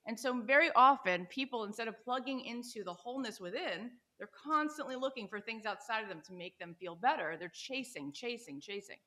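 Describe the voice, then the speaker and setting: A woman in her forties from the United States, a podcast guest telling personal stories in an animated, enthusiastic way and often checking in with "right?". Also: a little high, fairly quick, few pauses. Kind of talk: conversational storytelling interview.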